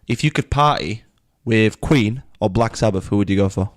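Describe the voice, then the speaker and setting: A man co-hosting a podcast debate, chatty and quick to jump in, playing devil's advocate. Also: on the low side, no echo. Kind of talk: casual debate chat.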